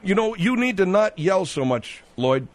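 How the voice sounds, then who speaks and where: A man hosting a call-in radio talk show, gruff and exasperated. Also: sits high, big pitch swings, normal speed.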